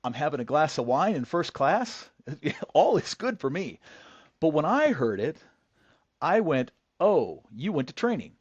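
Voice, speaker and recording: A man's voice: on the high side, big pitch swings, a little slow, dry recording. A man talking as a podcast guest, telling anecdotes in an easy conversational flow. He often restarts and repeats words mid-sentence. The sound is dry and a little dull, like a lo-fi remote recording. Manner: frequent restarts and word repeats. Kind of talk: conversational storytelling.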